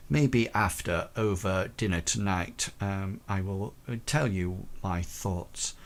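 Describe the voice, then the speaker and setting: A man playing a stern aristocratic widow in a tabletop game, speaking formally with frequent hesitations. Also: low-pitched. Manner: formal, halting, with many ums.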